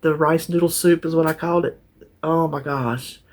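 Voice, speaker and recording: A woman's voice: low voice, fairly even intonation, moderate pace. A woman chatting casually to camera as a vlogger, talkative and heartfelt. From North Carolina, USA. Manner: chatty, warm-hearted, trails off and restarts.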